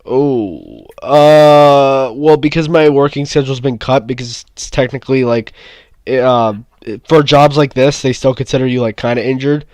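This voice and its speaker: A man's voice: medium pitch, fairly even intonation, moderate pace, a little mellow, no echo, clean studio sound. A man in casual chat, telling a story with a lot of cursing and heat. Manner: profane, heated storytelling.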